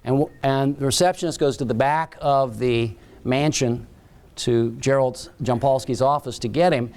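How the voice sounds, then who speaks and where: A man's voice: mid-range voice, fairly even intonation, normal speed, a little mellow. Man telling a story in a keynote speech. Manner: dramatic storyteller, short emphatic phrases. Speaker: keynote speaker.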